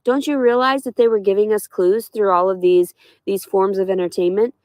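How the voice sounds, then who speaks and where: A woman rants into her camera from inside her car, bitter and sarcastic, swearing at nearly every turn. Her voice sits at an ordinary middle pitch for a woman, and the sound is dry and close, with no room echo. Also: fairly even intonation, moderate pace, darkish tone. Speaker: livestreaming vlogger. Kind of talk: profane ranting monologue.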